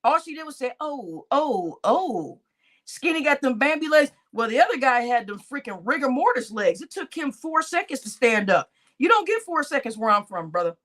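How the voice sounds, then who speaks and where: A woman talks through the news in a casual vlog, her voice high and swinging widely in pitch. She tells stories in a loose, slangy way and often breaks off to laugh. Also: fairly quick, hardly any pauses. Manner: animated, slangy storytelling with frequent laughter. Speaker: vlogger reacting to news. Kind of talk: casual commentary.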